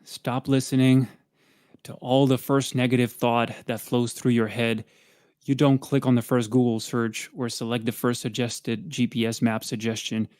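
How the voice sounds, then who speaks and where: A man's voice: mid-range voice, moderate pace, no echo, clean studio sound. Breathless man chatting between pushups. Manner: animated storyteller, acts out quoted dialogue. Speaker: podcast co-host. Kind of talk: casual chat during a pushup livestream.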